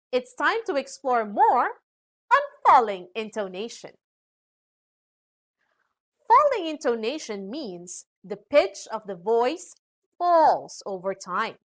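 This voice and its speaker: A woman with a Filipino accent teaching a lesson in a slow, sing-song voice with exaggerated intonation. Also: a little high, a bit bright. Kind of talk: scripted lesson narration.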